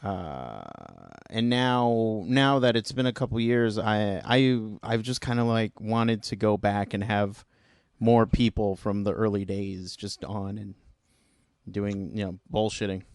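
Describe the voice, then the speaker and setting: A Canadian man hosting a podcast, chatting in an easygoing, self-deprecating way with halting restarts. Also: on the low side, a little mellow, clean tone, no room sound, clean studio sound. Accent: Canadian English. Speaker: podcast host. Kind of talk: casual chat.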